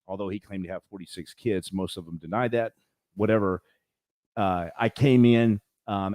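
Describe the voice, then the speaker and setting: A man as a podcast guest at his home, telling long, rambling stories in an animated way. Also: lowish voice, dry recording. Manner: rambling storyteller, animated, acts out quotes. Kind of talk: casual interview.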